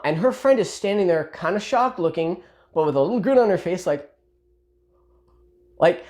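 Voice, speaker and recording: A man telling a personal story in a casual, animated, self-deprecating way. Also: high-pitched, normal speed, long pauses.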